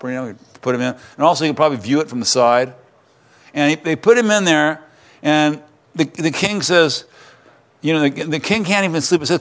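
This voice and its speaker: A man's voice: a little high, a bit bright. Man preaching in a chatty storytelling way. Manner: conversational storytelling with asides. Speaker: pastor. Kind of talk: sermon.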